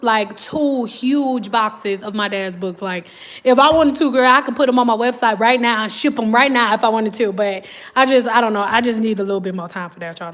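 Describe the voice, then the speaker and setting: A woman's voice: a little high, fairly bright tone. A woman, chatting casually on a livestream and often saying "girl" and "y'all". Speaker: livestream host.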